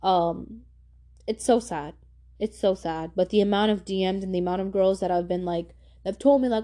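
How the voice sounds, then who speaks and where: A young woman hosts a casual advice podcast. She talks in a slangy, emphatic way and repeats her points for stress. Her voice is warm and mellow. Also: mid-range voice, brisk. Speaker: podcast host.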